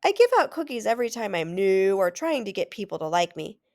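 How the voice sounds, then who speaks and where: A woman reading aloud, voicing an eager, friendly schoolboy who talks excitedly. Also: medium pitch, brisk. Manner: excited and chatty.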